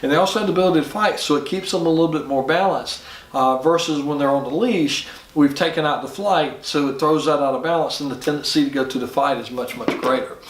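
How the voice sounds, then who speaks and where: A man's voice: fairly high pitch, fast, roomy sound, rough recording. A middle-aged man, a dog trainer, explaining dog behavior in a conversational way, with frequent restarts. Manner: conversational, with many restarts, acts out dog and owner voices. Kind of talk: casual instructional talk.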